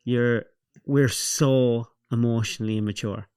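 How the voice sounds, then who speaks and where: A man's voice: medium pitch, steady tone, a little slow, a little mellow, clear, resonant tone, no echo. Irish man, podcast host, reflective, dry recording. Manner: reflective, blunt, swearing. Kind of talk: casual conversation.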